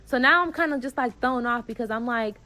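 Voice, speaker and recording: A woman with a Bay Area accent tells a story in a casual vlog, her voice a little high and a little fast. She's animated and slangy, swears freely, and acts out what people said.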